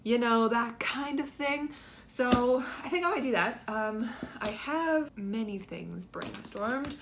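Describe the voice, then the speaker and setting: A young woman talks casually to her camera from a room at home, her voice sitting a little high and full of bubbly energy. She rambles warmly through her plans with plenty of fillers and small laughs. A faint hiss sits under the recording. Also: animated, slow. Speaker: writing vlogger.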